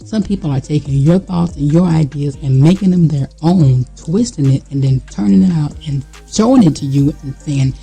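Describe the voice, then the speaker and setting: A vlogger talks straight to the viewer in a raw, emphatic monologue, slangy and repetitive. The voice is deep in tone, mellow and husky. Soft music plays faintly in the background. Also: normal speed, few pauses, low-quality recording. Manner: emphatic, blunt and preachy, talking straight to the viewer; casual slangy speech with fillers and repeats. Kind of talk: candid motivational monologue.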